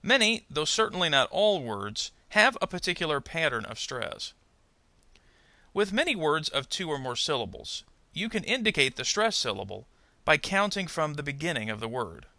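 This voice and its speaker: Man, pronunciation teacher, careful narration, very bright tone, dry close sound. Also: fairly high pitch, sing-song, no echo. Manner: slow, careful, modelling word stress. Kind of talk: scripted instructional narration.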